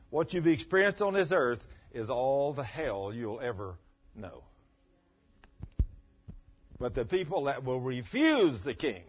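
A pastor delivers a folksy sermon in a church, moving from emphatic, raised lines to quiet asides. His voice is husky, and the dull, lo-fi recording mutes its top end. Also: medium pitch. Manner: folksy, emphatic preaching with swings from loud to quiet.

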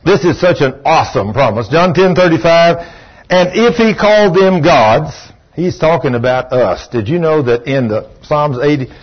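A man's voice: medium pitch, breathy edge, muffled recording. A man preaching a sermon in a church, emphatic and repetitive, telling folksy stories.

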